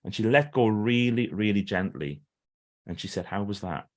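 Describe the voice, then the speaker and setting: Here a middle-aged guest, an author and trainer, shares stories in a podcast interview. His voice is lowish and moderately paced, and he animatedly performs other people's quoted speech.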